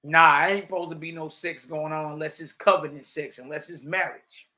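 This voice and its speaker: Guy teaching bible stuff on a stream, high bright voice, punchy streetwise preaching. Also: fairly even intonation, a little fast. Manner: emphatic, streetwise preaching, reading texts aloud. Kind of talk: livestreamed religious teaching.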